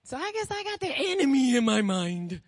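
A woman preaching a sermon with passion, firing rhetorical questions and swinging from hushed tones to shouting. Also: high voice, very animated, brisk, breathy edge, long reverb tail.

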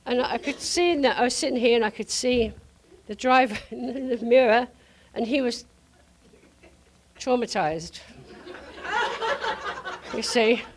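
An older woman preaching to a congregation, telling a lively testimony story with frequent laughter. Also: fairly high pitch, a little slow, long pauses. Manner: animated storyteller, laughing often.

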